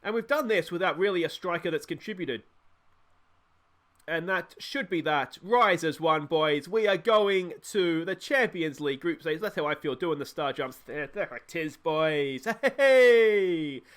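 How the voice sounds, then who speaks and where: A man from Australia commentating his own football management game, chatty and joking, cheering loudly at every goal. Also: on the high side, normal speed. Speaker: gaming YouTuber. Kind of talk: excited let's-play commentary.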